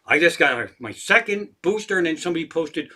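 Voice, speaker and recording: A man's voice: a little high, animated, a little fast, sharp tone. A man in his sixties, a comedian hosting a livestream, rants with heavy profanity and gets himself worked up. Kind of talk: profane ranting livestream chat.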